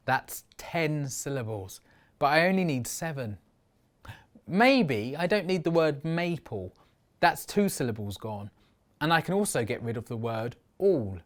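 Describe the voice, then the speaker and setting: A middle-aged man giving a lively poetry lesson for children, expressive and slowing down to sound out syllables. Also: mid-range voice.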